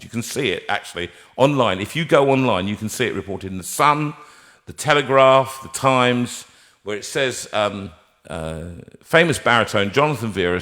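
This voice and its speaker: Bright-voiced man telling a lively story. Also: mid-range voice. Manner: animated, acts out quoted voices. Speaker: singer hosting a live stream. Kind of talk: anecdotal storytelling. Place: indoor music room.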